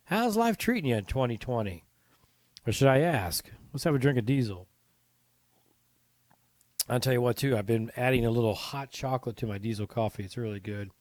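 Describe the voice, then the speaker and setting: Male podcast host, conversational and rambling, earnest, mid-low voice, dry close sound. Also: lively intonation, a little fast, pauses often, a little mellow, dry recording. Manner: chatty, rambling, earnest, with restarts and asides to listeners. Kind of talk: casual solo podcast talk.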